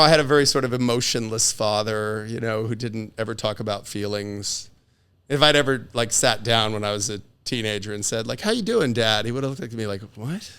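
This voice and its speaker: Middle-aged male guest who tells stories animatedly and acts out quotes, with a mid-pitched, fry-tinged voice. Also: a bit bright. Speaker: divorce attorney, podcast guest. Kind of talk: casual conversation.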